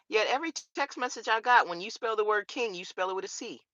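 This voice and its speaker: A woman's voice: mid-range voice, lively intonation, fast talker, bright, forceful tone, highs cut off. A woman vlogger, ranting straight to camera on her law channel with profanity and rhetorical questions. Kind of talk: casual straight-to-camera rant.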